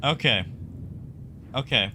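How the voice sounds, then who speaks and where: Male game streamer, excitable and chatty, bright voice, mid pitch. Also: slow pace, slight background noise. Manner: excitable, talks to chat, repeats himself. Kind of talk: live gameplay commentary.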